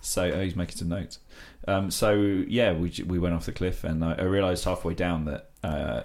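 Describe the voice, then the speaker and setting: A man co-hosting a comedy podcast, rambling in deadpan improvised chat. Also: low voice, normal speed, a little hiss or hum. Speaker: podcast co-host.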